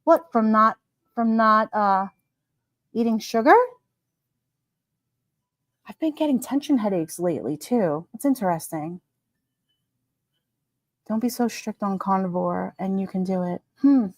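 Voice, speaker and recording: A woman hosting a casual livestream, reading viewer comments aloud and chatting about them in an animated way, laughing often. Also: medium pitch, unhurried, long pauses, dry recording. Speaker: livestream host.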